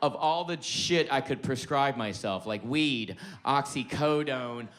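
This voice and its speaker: Middle-aged male stand-up comic, medium pitch, cursing and self-mocking, jumps between yelling and near-whispers. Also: a little slow. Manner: loud swings between shouting and hushed confiding; profane, conversational, self-mocking. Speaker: stand-up comedian. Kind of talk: stand-up comedy set.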